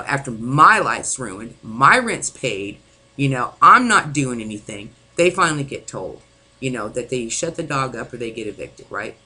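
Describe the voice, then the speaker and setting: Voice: medium pitch, sharp tone, breathy edge, rough recording. A distraught vlogger venting angrily to camera, swearing often and rambling with many fillers. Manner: angry, frequent swearing. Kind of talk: venting personal monologue.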